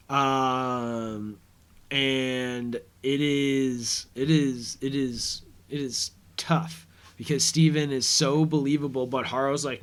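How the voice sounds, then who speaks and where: A man's voice: mid-range voice, steady tone, takes it slowly, fairly bright tone. A man hosting a podcast, recapping a TV episode in a rambling, casual way and paraphrasing scenes. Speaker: podcast host.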